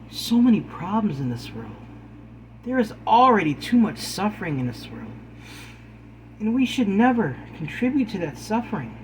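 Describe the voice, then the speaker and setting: A man's voice: sits high, a little mellow, a little hiss or hum, poor audio. A man giving an earnest, pleading talk to camera, calling his viewers guys and preaching kindness. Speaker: spiritual video host.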